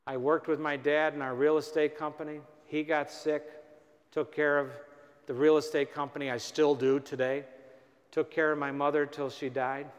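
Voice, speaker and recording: Animated priest in a reverberant church. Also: male voice, fairly high pitch, moderate pace. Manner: animated, acts out dialogue with rising emphasis. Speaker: priest giving a parish mission. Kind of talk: storytelling sermon. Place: large church.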